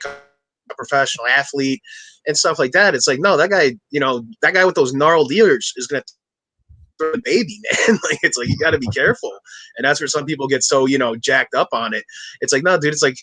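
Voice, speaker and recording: Bright-voiced man chatting easily on a podcast. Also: medium pitch, dry recording, low-quality recording. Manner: easygoing, laughs along, agreeing fillers. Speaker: podcast co-host. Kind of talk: casual chat.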